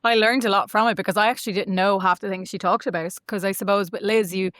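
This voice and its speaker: A woman's voice: mid-range voice, quick pace, no room sound, studio quality. A woman in her forties with an Irish accent, a podcast guest chatting casually and telling stories, acting out what people said. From Ireland. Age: 40s. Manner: chatty, animated storytelling with acted-out quotes. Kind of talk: casual chat.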